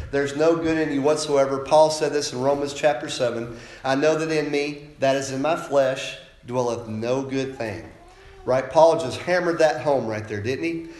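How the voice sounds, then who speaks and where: Preaching man with a raised, roomy voice. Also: a little high. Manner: preaching with frequent rhetorical "right?" tag questions; emphatic, insistent doctrinal preaching. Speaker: pastor. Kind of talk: sermon. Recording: roomy echo.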